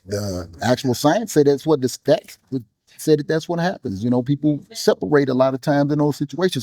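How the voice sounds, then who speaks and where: A grieving man, a musician and bishop, speaking earnestly in a preacherly way, with pauses and repeated phrases. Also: mid-range voice, mellow, dry recording, clean studio sound. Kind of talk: emotional interview talk.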